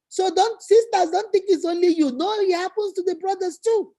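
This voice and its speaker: A woman hosts a motivational vlog in a very high, mellow voice. She talks emphatically and preachily, and she drives her advice home by repeating it. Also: moderate pace. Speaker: host.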